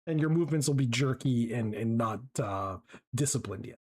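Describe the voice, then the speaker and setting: A man narrating as game master of a tabletop game, slow and drawn out in his descriptions. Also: mid-range voice, expressive, darkish tone, husky.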